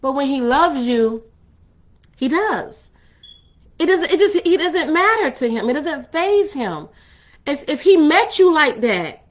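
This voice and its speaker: A woman's voice: sits high, big pitch swings, slow, pauses often. A woman hosting a faith-based talk on love and relationships, speaking in a conversational, emphatic, preacherly way. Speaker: ministry host.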